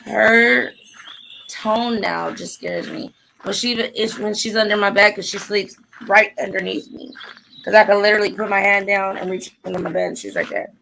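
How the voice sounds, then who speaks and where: A woman hosting a casual livestream chat, blunt and animated, sometimes trailing off into near-whispers. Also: medium pitch, moderate pace, vocal fry, a little hiss or hum, poor audio. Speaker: livestream host.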